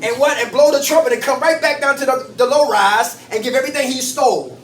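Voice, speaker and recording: A man's voice: very high voice, a little fast, fairly bright tone. A man facilitating a recovery group, teaching in call-and-response style and quizzing the room with questions. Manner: preachy, quizzes the group with "what?". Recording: echoey room, mic far off, faint noise.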